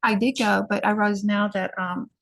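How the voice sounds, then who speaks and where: A middle-aged woman recounts her own story as a podcast guest, her mid-pitched voice carrying a gravelly, creaky texture. She talks in an earnest, hurried way and often breaks off to restart a sentence. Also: little pitch movement, fairly bright tone. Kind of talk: personal storytelling in an interview.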